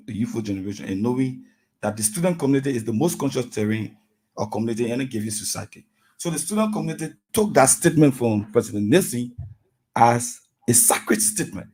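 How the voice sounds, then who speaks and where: A man's voice: medium pitch, a little mellow, slightly rough, poor audio. A man speaking as a student activist guest on a radio talk show, impassioned and rallying, repeating phrases. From Liberia. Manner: impassioned, rallying speech with repetitions.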